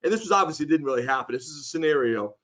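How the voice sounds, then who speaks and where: A man's voice: fairly high pitch, rapid-fire. A man telling a story in a casual interview, acting out the voices of the people in it. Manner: animated, acts out quoted voices. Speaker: interview guest.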